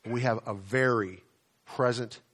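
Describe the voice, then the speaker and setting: Man, pastor giving a chatty sermon, mid-pitched voice, repeats words, slows down for emphasis. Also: steady tone, fairly bright tone. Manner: conversational, slows down to stress key phrases, repeats words.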